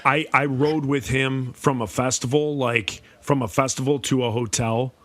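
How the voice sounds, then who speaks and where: A man co-hosting a podcast in casual chat, relaxed and rambling, talking nostalgically. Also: medium pitch, moderate pace, no echo. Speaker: podcast co-host.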